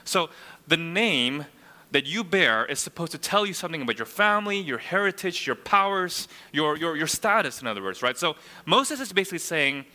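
A man preaching a sermon, his voice very bright and slightly higher than most men's. He works through scripture in an expository way, keeps asking his listeners rhetorical questions, and his words ring out with a long reverb from a large church hall. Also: sing-song, normal speed. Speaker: pastor.

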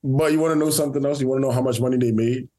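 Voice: mid-range voice, steady tone, racing, mellow. A podcast co-host in casual chat who mostly backs up the guest with short replies and laughs along.

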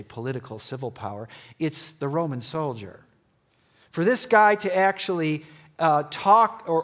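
A man preaching a sermon in church, retelling a story in an animated way that swings between loud and hushed. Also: mid-range voice.

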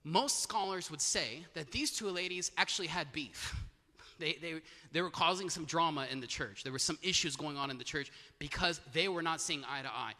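A man's voice: a little high, normal speed, pushed and bright. A man preaching a Bible study sermon, teaching scripture with emphatic, repeated phrases. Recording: long hall reverb.

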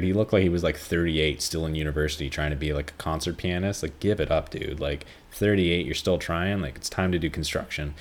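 A man's voice: low-pitched, brisk, hardly any pauses. A young man hosts a solo film podcast. He rambles casually, swears often and fills his sentences with "like" and "um". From Canada. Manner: rambling, profane, frequent fillers. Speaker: podcast host, film reviewer.

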